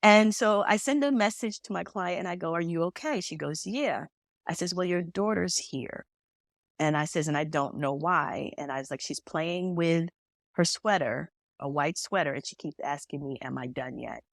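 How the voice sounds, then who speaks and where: Woman medium, really low voice, dry close sound, acts out the quotes as she tells it. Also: moderate pace, dry recording. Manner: animated storyteller who acts out quoted dialogue. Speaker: medium, podcast guest. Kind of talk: storytelling conversation.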